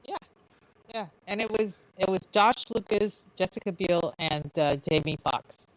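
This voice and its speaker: Woman radio co-host, low voice, dry close sound, chatty and halting. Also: dry recording, low-quality recording. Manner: chatty, halting restarts, laughs easily. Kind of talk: casual chat.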